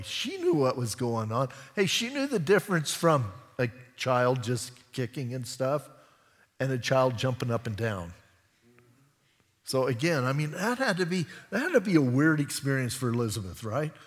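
A male pastor giving a sermon, talking in a lively, conversational way and acting out the people he describes. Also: medium pitch, normal speed, breathy edge. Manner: lively, conversational preaching that acts out voices. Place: church sanctuary. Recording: long hall reverb.

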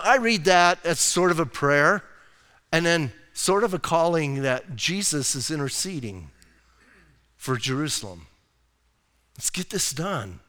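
A man's voice: fairly high pitch, a bit bright, long reverb tail. A man preaching a sermon as pastor, in a casual, conversational way with slangy asides. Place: church sanctuary.

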